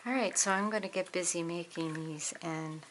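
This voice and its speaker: A woman talking through a crafting tutorial in a relaxed, chatty way, thinking aloud as she works. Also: on the low side, moderate pace, slight background noise. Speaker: crafter demonstrating a project.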